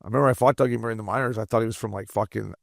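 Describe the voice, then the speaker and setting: A man co-hosting a casual hockey podcast as a former player, swearing freely and breaking into animated impressions. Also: on the low side, rapid-fire, gravelly, no room sound, studio quality.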